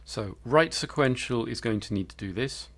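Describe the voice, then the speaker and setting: A man's voice: mid-range voice, moderate pace, fairly bright tone. A man giving live coding commentary as a programmer, thinking aloud and hesitating with fillers.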